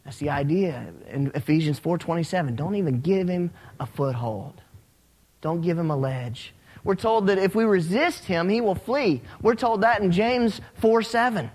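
A man preaching a sermon as a pastor, telling stories with animated, rising emphasis. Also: high-pitched, normal speed. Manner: animated storytelling, rising when excited. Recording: long hall reverb.

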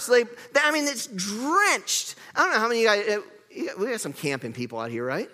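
Guy preaching a sermon, kinda high voice, chatty and playful, talks to the crowd, big echoey hall. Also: very animated, fast, few pauses, sharp tone. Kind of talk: animated sermon storytelling.

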